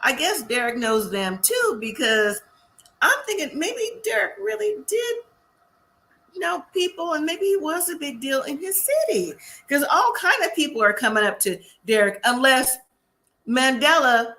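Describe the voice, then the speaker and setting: A woman's voice: high-pitched, sing-song, measured pace, pushed and bright. A woman host giving a chatty, casual recap of a TV episode. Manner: chatty, acts out quotes of the cast.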